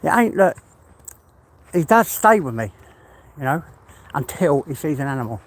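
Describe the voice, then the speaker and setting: A man's voice: on the high side, sing-song, moderate pace. Chatty English man walking outdoors. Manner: chatty, rambling, talks to his dog. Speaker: vlogger walking his dog. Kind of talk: casual vlog chat. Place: outdoors in the countryside by a river. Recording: clear outdoor background noise.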